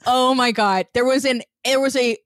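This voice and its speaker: A woman's voice: high-pitched, fairly even intonation, normal speed, a bit bright, no room sound. A woman with a Missouri accent co-hosting a podcast, making wry, dry quips and hedging her points carefully. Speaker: podcast co-host. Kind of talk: casual podcast chat.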